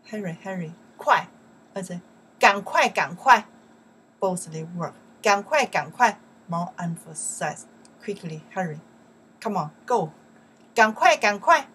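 A woman teaches a vocabulary lesson. Her breathy, bright voice repeats each word loud and slow, then drops to quiet, fast English explanations. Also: mid-range voice. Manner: says Chinese words loud and slow, English asides soft and quick. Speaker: Chinese teacher. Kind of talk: language lesson.

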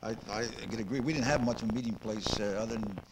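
A man's voice: lowish voice, quick pace, a crowd in the background. An older man hosting a local interview show. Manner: rambling, repeats words, asks leading questions. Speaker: host. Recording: noisy 2002 local cable recording.

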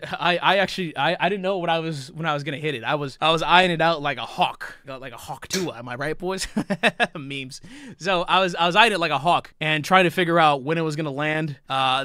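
Loud, bright-voiced young male streamer. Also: high voice. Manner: loud, profane and jubilant, often shouting. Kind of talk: excited live stream chat.

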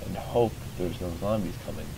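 A low, gravelly man's voice, flat and sleepy because he has just woken up, rambling through his game as he plays. The recording carries a steady layer of noise underneath. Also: moderate pace. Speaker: streamer. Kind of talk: casual gameplay commentary.

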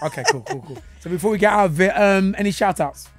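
A man hosting a radio interview, teasing and bantering with his guest. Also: high-pitched. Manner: playful, teasing, quick banter. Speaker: radio host. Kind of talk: casual interview chat.

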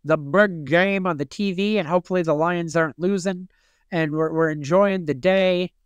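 A man from Michigan co-hosting a podcast who rambles through a playful story. His voice sits a bit high and sounds clean and smooth. The room is dry. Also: normal speed, no echo, dull audio. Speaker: podcast co-host. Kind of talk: casual chat.

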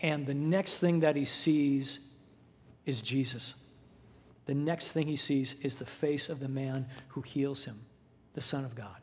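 A man's voice: medium pitch, a little slow, a bit bright, breathy edge. A male pastor preaching a sermon, retelling a story dramatically and voicing the people in it. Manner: dramatic retelling with voiced quotes. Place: church sanctuary. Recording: long hall reverb.

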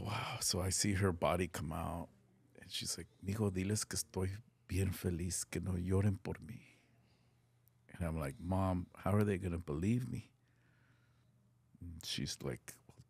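A man's voice: sits low, gravelly, darkish tone, husky, no room sound. A middle-aged man telling a personal story on a podcast in an earnest, casual way, slipping into Spanish phrases and swearing freely. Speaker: podcast guest.

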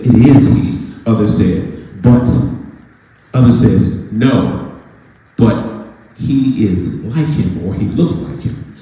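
A man preaching a sermon in a church, animated, acting out voices and breaking into bits of song. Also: medium pitch. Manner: animated preaching, acts out voices and sings snatches. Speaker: pastor. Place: church sanctuary. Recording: echoey church hall.

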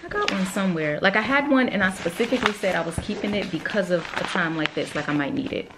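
A woman, chatting excitedly and directly to her viewers in a casual vlog at home and in her car. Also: mid-range voice, fast talker, background noise. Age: 30s. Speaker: vlogger.

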